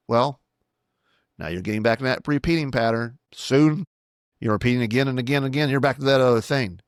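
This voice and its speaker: Male pastor hosting a solo podcast, mid-pitched, instructive, dry close sound. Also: fairly quick, dry recording. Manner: instructive, plain-spoken, repeats key points.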